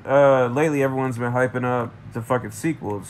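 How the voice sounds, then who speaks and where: A man's voice: medium pitch, brisk, few pauses, a little hiss or hum. A man from Michigan, rambling through a profane, tangent-filled movie review. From Michigan, USA. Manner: profane, ranting, jumps between tangents.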